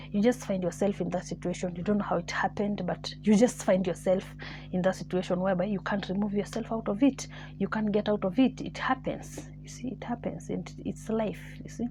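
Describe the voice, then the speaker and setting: A woman's voice: mid-range voice, a little hiss or hum. A woman casually telling a story as a vlogger, repeating herself and dropping to near-whispers. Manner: animated, repetitive, musing, drops to near-whispers.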